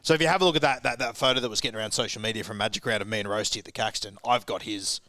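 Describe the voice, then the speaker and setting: Fast-talking Australian man telling a yarn. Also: on the low side, sharp tone, no room sound. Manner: rambling, laughing anecdote with acted quotes. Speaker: guest rugby league pundit. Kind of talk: casual storytelling on a live sports chat.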